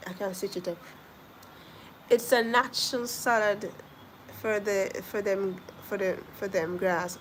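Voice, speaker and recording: A woman's voice: medium pitch, steady tone, a little slow, pauses often, a bit bright, a little hiss or hum. A young Jamaican woman with a Jamaican accent chatting casually on a live stream, laughing often as she answers viewers' comments. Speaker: vlogger reading live comments.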